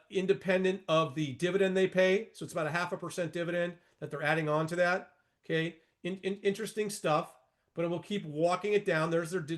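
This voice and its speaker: A man in his sixties with a notably high speaking voice leads a trading lesson, pulling up charts as he goes. He is emphatic and repetitive, tossing folksy asides at his viewers. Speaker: market educator.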